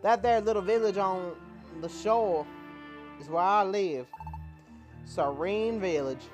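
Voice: medium pitch, takes it slowly, a little mellow, soft background music, pitched above the performer's own voice, natural voice. A gamer voicing a kindly folksy male Pokemon in an American Southern drawl, reading video game dialogue aloud with homespun turns of phrase. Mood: proud.

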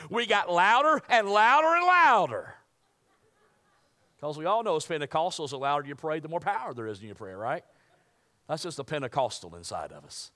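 A man preaching a sermon, swinging from loud emphatic peaks to hushed near-whispers. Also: fairly high pitch. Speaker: pastor.

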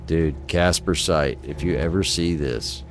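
Talking to himself at a desk mic, a middle-aged gaming channel host gives exasperated, profane live commentary as he plays. His voice is a rumbling low one with fairly even intonation and a slightly slow pace, and soft music plays in the background.

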